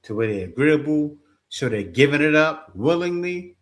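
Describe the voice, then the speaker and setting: Lively-voiced man giving blunt opinions. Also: on the high side, normal speed. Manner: reactive, offers blunt opinions. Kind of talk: casual chat.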